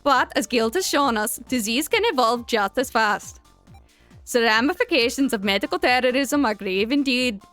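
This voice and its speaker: A formal official delivers a grave briefing in a put-on accent, as a woman voices him. The reading is slow and deliberate. The voice sits fairly high. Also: expressive, fairly bright tone, faint music behind.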